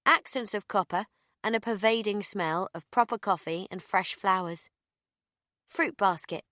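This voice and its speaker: A woman reading a first-person audiobook in a deadpan, sardonic manner. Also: on the low side, no room sound, studio quality. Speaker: audiobook narrator.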